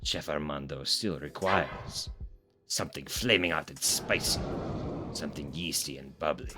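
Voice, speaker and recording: A man's voice: on the low side, fast, loud music behind the voice, close to an everyday voice. A man voicing a grandiose male demon chef who speaks of himself in the third person, on a game stream. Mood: demanding.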